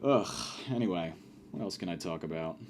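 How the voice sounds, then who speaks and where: A man's voice: sits low, fairly quick, a little hiss or hum. A man hosting a comedy podcast, telling stories in a profane, exasperated rant. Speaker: podcast host.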